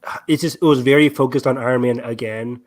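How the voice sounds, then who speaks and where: A young man co-hosting a podcast, talking in a relaxed, rambling way. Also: mid-range voice, fast talker. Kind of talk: casual chat.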